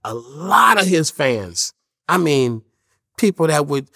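A man's voice: on the high side, sing-song, takes it slowly, gravelly, pushed and bright. A man in his fifties, a rapper guest in an interview, telling stories in a laid-back, profane way. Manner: laid-back, profane, quotes people in voices. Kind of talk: casual storytelling interview.

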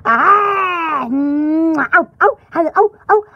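A woman's voice: very high-pitched, slow pace, highs cut off, heavily acted. A woman voicing a chattering, pampered female poodle who hosts a parody home-shopping show, rambling and squealing in a comic pet voice-over. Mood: excited. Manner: squealing, rambling, easily excited.

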